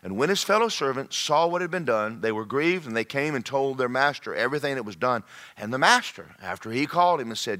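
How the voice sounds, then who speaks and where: A male pastor, preaching a sermon in an animated way that swings from loud to hushed. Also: medium pitch, a little fast.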